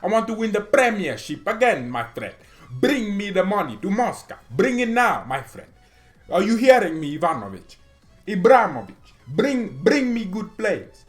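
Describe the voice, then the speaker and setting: A man puts on a brash billionaire club owner with an exaggerated Russian accent. He shouts high and loud, bossing everyone around. The pitch leaps up and down with every order. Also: sing-song, normal speed, soft background music. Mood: bossy, shouting.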